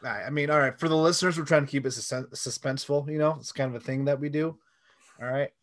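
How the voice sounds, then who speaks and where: A man's voice: fairly high pitch, fairly even intonation, fast talker, no room sound. Laid-back man hosting a sports podcast. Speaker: podcast co-host. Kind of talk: casual sports podcast chat.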